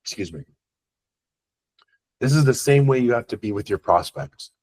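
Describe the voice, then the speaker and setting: Husky, blunt man coaching. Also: medium pitch, expressive, normal speed, darkish tone. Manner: blunt, profane, conversational; rambling with frequent restarts and tag questions. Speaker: sales coach. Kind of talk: unscripted masterclass talk.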